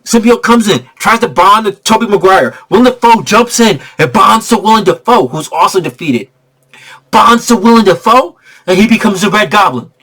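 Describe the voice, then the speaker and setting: A young man giving an excitable, slangy spoiler review of a movie, repeating himself for emphasis. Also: sits high, moderate pace.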